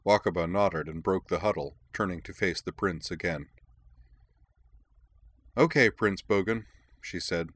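Deep-voiced male audiobook narrator. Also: no echo. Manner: measured, expressive storytelling.

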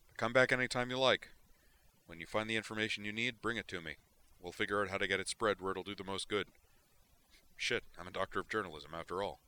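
A man reading as a gruff but welcoming older journalist in easygoing talk. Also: lowish voice, quick pace, pushed and bright, pitched above the performer's own voice. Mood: friendly.

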